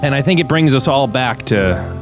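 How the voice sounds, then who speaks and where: A man's voice: mid-range voice, moderate pace, music in the background. A man hosting a podcast, telling news stories in a casual, joking way and slipping into silly voices. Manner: animated storyteller, jumping into silly voices. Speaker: podcast host. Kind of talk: casual comedic news chat.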